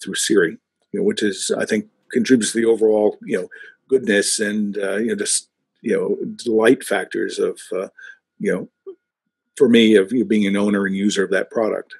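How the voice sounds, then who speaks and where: A man speaking as a guest in a casual tech discussion, halting and full of "you know" fillers. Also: on the low side, steady tone, vocal fry, darkish tone, no room sound. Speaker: podcast guest.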